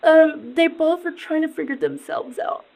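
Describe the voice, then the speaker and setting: A high-voiced woman with lots of gravelly fry and a darkish tone answers police questions in a dazed, distraught state. She speaks haltingly, rambling and repeating herself, on a low-quality recording.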